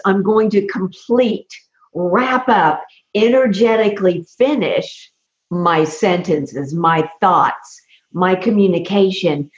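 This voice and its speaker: A woman who is a communication coach, speaking as an interview guest in an animated way. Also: on the low side. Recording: echoey dull remote audio.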